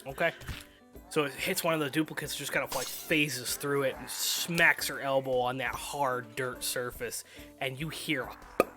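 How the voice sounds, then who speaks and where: A man's voice: medium pitch, fairly even intonation, moderate pace, music in the background. A man narrating as game master in a loose, laid-back way, with fillers and chuckles.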